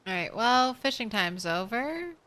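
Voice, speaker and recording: A woman streamer talks through her game in a relaxed, chatty way, speaking to herself and to things on screen. Her voice is bright and clean, set a little high, and she takes her time between thoughts. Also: unhurried. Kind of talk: casual gameplay commentary.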